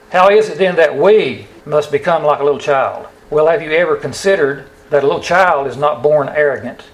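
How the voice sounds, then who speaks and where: A man's voice: on the high side, rough recording. A man preaching a sermon, stretching out the key words of the scripture he quotes and putting rhetorical questions to his listeners. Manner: emphatic, drawn-out stress on scripture quotes; asks the audience rhetorical questions.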